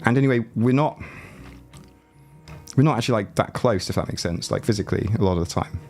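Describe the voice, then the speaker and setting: A man with a fairly low voice made rattly by a chest cold talks into a desk mic at home. He rambles and jokes with his livestream audience in a relaxed, chatty way. Faint music plays quietly behind him. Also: fast. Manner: rambling, joking, chats with viewers. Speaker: livestreaming YouTuber. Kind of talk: casual livestream chat. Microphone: desk mic, no headphones.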